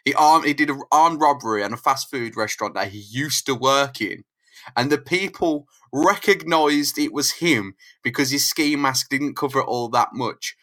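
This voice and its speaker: A man co-hosting a relaxed comic book chat, quick to laugh and fond of goofy tangents. His voice sits at an ordinary middle pitch. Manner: laughs a lot, tells silly asides. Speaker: podcast co-host.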